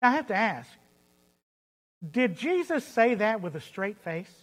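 Slow, emphatic preacher in an echoing hall. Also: mid-range voice, sing-song. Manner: emphatic, repeats phrases for stress, asks rhetorical questions. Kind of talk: sermon. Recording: long hall reverb.

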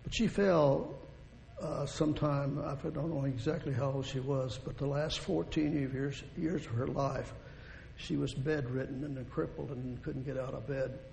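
A man preaching a sermon with a deeply gravelly, mellow voice, pitched a touch high for a man. He talks in a folksy, rambling way, circling back over his phrases. The sound rings with long reverb, over a faint low rumble. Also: fairly even intonation, unhurried. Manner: folksy, rambling with restarts, chuckles.

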